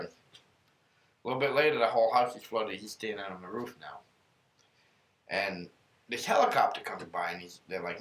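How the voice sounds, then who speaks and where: Man, podcast host, earnest rambling storyteller, bright voice, echoey room. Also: lowish voice, animated, normal speed, long pauses. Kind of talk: casual faith podcast talk, storytelling. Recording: roomy room echo.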